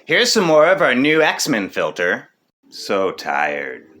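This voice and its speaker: A man's voice: on the high side, big pitch swings, measured pace, pushed and bright. A man clowning through outtakes, playfully trying silly voices. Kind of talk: joking outtakes.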